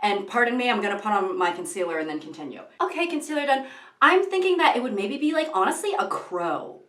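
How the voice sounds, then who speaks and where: A woman's voice: medium pitch, very animated, fast talker, a bit bright. Chatty woman vlogger in an echoey room. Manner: chatty, rambling, crude jokes, lots of fillers. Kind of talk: casual chat while doing makeup. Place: room at home. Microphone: camera mic, at times far from it.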